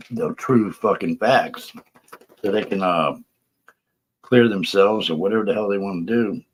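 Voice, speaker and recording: A low-voiced man hosts a casual live stream, talking in a rambling, profane, defensive way. He sounds out of breath. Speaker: livestream host.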